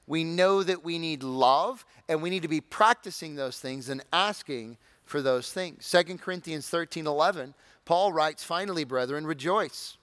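A man preaching a sermon as pastor, conversational and animated, with humorous asides and acted-out voices of excited listeners. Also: no echo. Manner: animated, acts out excited congregants in high shouts.

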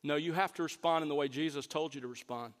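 A man delivers an earnest sermon, his voice sitting a little higher than most men's. He slows down and leans on the words that matter most. The sound rings out with a long, lingering echo, as in a big hall. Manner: earnest preaching, stresses key words slowly. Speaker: pastor.

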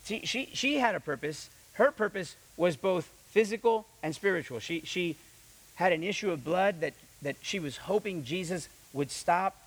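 A young man preaching a sermon with animated delivery, reading scripture and acting out the quoted voices, often repeating his words. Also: sits high, normal speed, poor audio. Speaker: pastor.

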